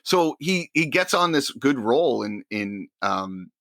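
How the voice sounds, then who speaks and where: A man co-hosting a podcast, telling stories with enthusiasm in quick bursts. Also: mid-range voice, big pitch swings, gravelly, fairly bright tone, dry recording. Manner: enthusiastic, rapid bursts of storytelling. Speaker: podcast co-host. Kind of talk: casual chat.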